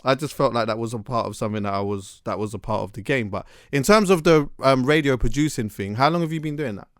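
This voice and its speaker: A man hosting a casual chat, telling stories in an animated, slangy way with many restarts. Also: mid-range voice, fast, no echo.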